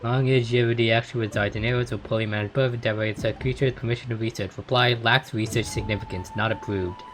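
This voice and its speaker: A man's voice: mid-range voice, steady tone, quick pace, background noise. A young man playing a story game, reading its text aloud and reacting bluntly with casual swearing. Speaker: gamer playing through a story. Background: game music.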